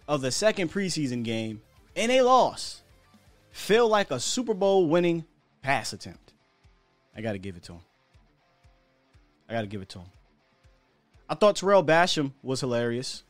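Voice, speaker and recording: A man's voice: a little high, sing-song, normal speed, long pauses, no room sound, faint music behind. An American man hosting a sports podcast, talking in a chatty, candid way with slang and the odd chuckle. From United States. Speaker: podcast host. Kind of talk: casual sports talk commentary.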